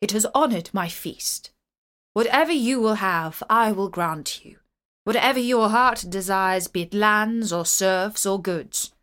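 Lady reading a grand old-time king, formal and measured, storybook voice. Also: medium pitch, fairly bright tone, lightly acted. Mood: gracious. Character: stately generous medieval king.

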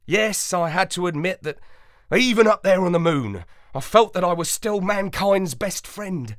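Slow, expressive storybook narrator. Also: medium pitch, dry recording, studio quality.

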